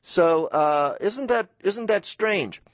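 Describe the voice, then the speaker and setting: A middle-aged man hosting a radio show, telling rambling stories and slipping into quick voices for the people he quotes. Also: sits high, expressive, no echo. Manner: storytelling, puts on quoted voices. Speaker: radio host. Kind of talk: rambling monologue.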